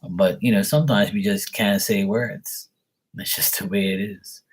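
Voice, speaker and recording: A man talks loosely and casually to his livestream viewers, rambling from one story to the next and swearing freely. His voice sits low and carries a husky grain, and he often stumbles over and repeats his words. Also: fairly even intonation, normal speed. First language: Portuguese spoken at home. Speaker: live tarot reader.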